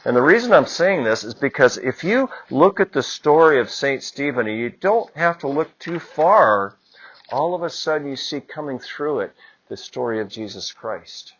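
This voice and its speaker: A priest giving a conversational homily, building to moments of emphasis. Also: male voice, mid-range voice, expressive, moderate pace, a bit bright, muffled recording. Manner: conversational preaching with rising emphasis. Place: church.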